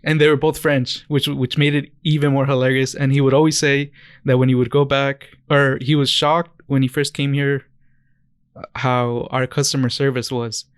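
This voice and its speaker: A young man from the States chats on a podcast, wandering through anecdotes and restarting his sentences as he goes. His voice sounds smooth and clear. The mic is close and dry, with no room sound. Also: medium pitch, flat delivery, moderate pace, no echo. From United States. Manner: rambling storyteller, restarts often. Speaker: podcast co-host. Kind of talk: casual chat.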